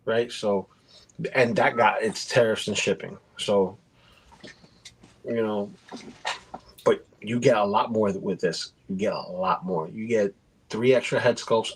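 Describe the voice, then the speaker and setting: A man's voice: on the low side, husky, rough recording. A man co-hosting a toy review show, talking casually and rambling through prices and accessories. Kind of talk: casual podcast chat.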